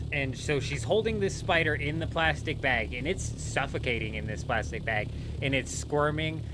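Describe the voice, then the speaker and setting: A young man streaming a game from home and chatting with his viewers. His voice is bright, sitting at a middle pitch, and he tells stories in a loose, animated way, full of swearing and "bro" and "dude". A faint hum of noise sits under his voice. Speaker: gaming livestreamer. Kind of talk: casual live-stream chat.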